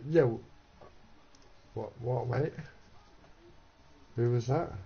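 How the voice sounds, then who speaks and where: A man's voice: mid-range voice, takes it slowly, vocal fry, husky. Teasing man on lo-fi voice chat. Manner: teasing, banters with friends. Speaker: streamer on voice chat. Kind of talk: casual chat. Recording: dull lo-fi voice chat.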